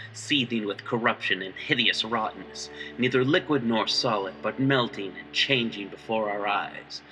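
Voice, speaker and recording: A man narrates a horror story with dramatic delivery. His voice is very bright and sharp. He sits back from the microphone, and faint music plays underneath. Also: mid-range voice, distant mic, poor audio. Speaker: reader.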